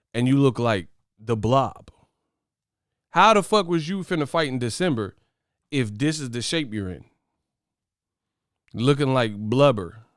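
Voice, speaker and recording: A man's voice: medium pitch, smooth, no echo. Brash, trash-talking man on a dry mic. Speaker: host of a boxing commentary channel. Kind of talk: casual commentary to camera.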